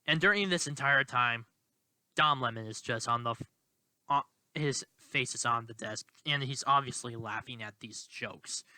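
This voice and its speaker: A man giving political commentary in a vlog, halting and indignant, with many restarts. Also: medium pitch, bright, forceful tone, no echo. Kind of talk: commentary vlog, reading quotes aloud.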